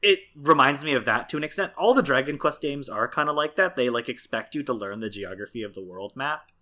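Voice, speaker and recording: A man's voice: mid-range voice, expressive, a little fast, sharp tone. A man co-hosting a podcast, talking casually and at length with many fillers and restarts. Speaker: podcast co-host. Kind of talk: casual chat.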